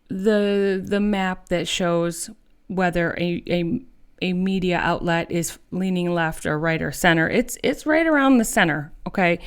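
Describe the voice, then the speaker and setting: A woman's voice: fairly low pitch, clean tone. Blunt, swearing woman. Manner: blunt, swears freely, many fillers and restarts. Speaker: podcast host. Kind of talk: casual monologue. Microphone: webcam.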